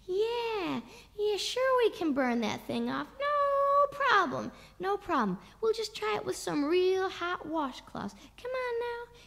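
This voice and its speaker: A woman's voice: extremely high pitch, sing-song, slow, gravelly, a bit bright, exaggerated voice. A woman voicing a crude, bullying middle-aged father who swears and mocks. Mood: coaxing. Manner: profane, snarling, mocking. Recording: long reverb.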